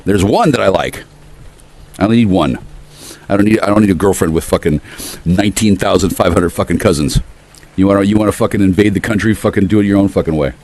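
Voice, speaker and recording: A man ranting on his porch in a rambling, profane monologue that veers between loud outbursts and quiet muttering. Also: deep voice, fast talker. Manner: profane, erratic, shifts between ranting and murmuring. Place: outdoors on a porch.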